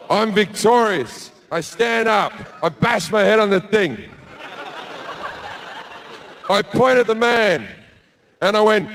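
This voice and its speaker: Brash, profane Australian stand-up comic. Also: male voice, high-pitched, a little slow, creaky, fairly bright tone, a little hiss or hum. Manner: brash, profane, acts out every character in the story. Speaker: stand-up comedian. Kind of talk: stand-up storytelling.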